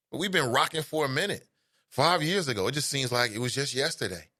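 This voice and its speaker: A man's voice: mid-range voice, a little fast, bright, forceful tone, no room sound, studio quality. A middle-aged man with a Cincinnati accent hosting a casual call-in talk show, rambling conversationally with playful asides to listeners. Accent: Cincinnati, Ohio. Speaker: radio talk show host.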